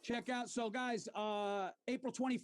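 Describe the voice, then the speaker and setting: A comedian hosting a casual podcast, easygoing and quick to agree. His voice sits high for a man. The talk is loose and profane. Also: steady tone, clear, resonant tone. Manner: agreeable, laid-back, profane.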